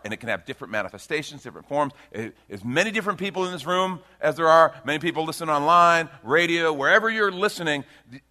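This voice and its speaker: A middle-aged pastor preaching a sermon to a congregation, delivered with big swings between loud emphasis and quiet intensity. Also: male voice. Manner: dynamic preaching with big swings in pitch and loudness.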